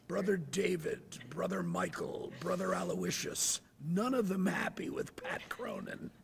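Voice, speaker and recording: A man in his sixties, an actor telling stories in an interview, animated and dropping to hushed asides. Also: high-pitched, takes it slowly, creaky, slight background noise. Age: 60s. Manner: animated, drops to hushed asides, acts out voices. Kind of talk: anecdotal storytelling. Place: theatre.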